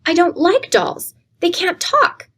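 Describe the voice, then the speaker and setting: A woman's voice: lively intonation, slow pace, vocal fry, a bit bright, exaggerated voice. A woman reading aloud and voicing an eager young girl who pleads passionately. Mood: pleading. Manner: high, earnest, emotional pleading.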